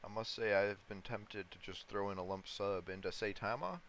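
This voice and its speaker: A man's voice: lowish voice, steady tone, moderate pace, a bit bright, a little hiss or hum, poor audio. A man livestreaming, thinking aloud in casual commentary while he chats with viewers and chuckles often. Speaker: livestreamer day-trading crypto. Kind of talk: casual live-stream commentary.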